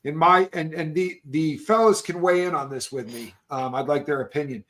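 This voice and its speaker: A man hosting a casual chat, telling animated, joking stories. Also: on the high side, moderate pace.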